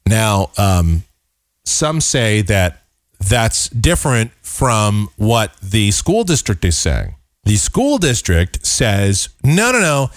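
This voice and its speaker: Sarcastic talk host, lively pitch. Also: male voice, takes it slowly, dry recording, clean studio sound. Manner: exasperated, sarcastic, rambling with restarts. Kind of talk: opinion commentary.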